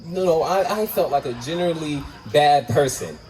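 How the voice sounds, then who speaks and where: A man doing stand-up at an open mic, telling a story in a conversational, self-mocking way that jumps into loud, high exclamations. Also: animated, moderate pace, distant mic, a little hiss or hum, rough recording. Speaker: stand-up comedian. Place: open mic night venue.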